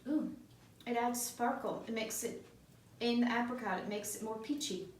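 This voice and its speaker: Woman cohost, quick tasting reactions, slightly high voice, far off mic with faint hiss. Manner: reactive, laughs often, quick tasting remarks. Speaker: podcast co-host. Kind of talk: casual wine tasting chat. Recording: echoey room, mic at a distance.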